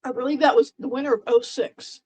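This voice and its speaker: A woman's voice: high voice, steady tone, brisk, darkish tone, husky, low-quality recording. Chatty woman hosting a live stream. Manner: chatty, playful, teasing chat commenters; rambling with frequent fillers and restarts. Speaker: livestream host. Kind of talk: casual live chat with viewers.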